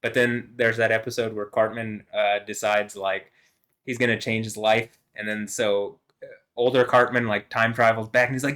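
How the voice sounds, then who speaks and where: A man's voice: on the low side, little pitch movement, moderate pace, a bit bright. A man talking by himself in a loose, rambling monologue. He swears freely and meanders between thoughts, with plenty of fillers and restarts. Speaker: vlogger.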